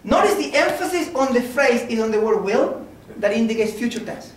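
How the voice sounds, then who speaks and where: A man's voice: extremely high pitch, animated, fairly quick, a little hiss or hum. A man giving an informal mathematics seminar lecture, talking conversationally and often checking in with "okay?" and "right?". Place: lecture room. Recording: very echoey room from a distance.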